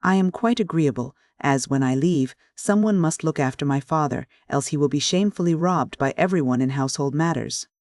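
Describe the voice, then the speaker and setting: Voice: medium pitch, fairly quick, hardly any pauses, a little mellow, no room sound, studio quality, natural voice. A reader voicing a frank, cool-mannered young woman in an audiobook, plain and blunt in speech. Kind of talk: audiobook dialogue reading.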